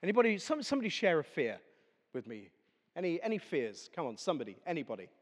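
A man's voice: on the high side, very animated, fast. A man preaching a chatty, humorous sermon, telling stories to a congregation. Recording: echoey hall.

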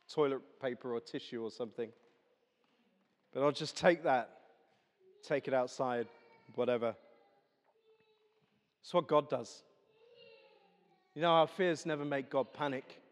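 A man preaching a chatty, humorous sermon, telling stories to a congregation. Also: on the high side. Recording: echoey hall.

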